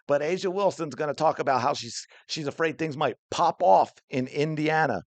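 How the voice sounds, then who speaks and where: A man's voice: on the high side, normal speed, no echo. A man hosting a sports podcast, delivering heated, indignant commentary in an angry rant. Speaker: podcast host.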